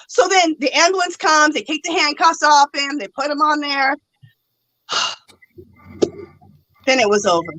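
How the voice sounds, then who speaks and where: Woman spinning a wild story, keeps laughing, does everybody's voices, high and bright. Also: normal speed, long pauses, poor audio. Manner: animated, laughs often, acts out quoted voices. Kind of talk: casual storytelling chat.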